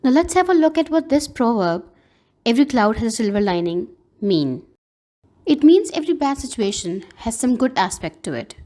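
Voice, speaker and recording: A woman with a Pakistani English accent giving a recorded lesson to an eighth-grade class, explaining words slowly and spelling out their pronunciation. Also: on the high side, sing-song, mellow. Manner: slow, careful teacher's delivery spelling out pronunciations. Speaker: teacher.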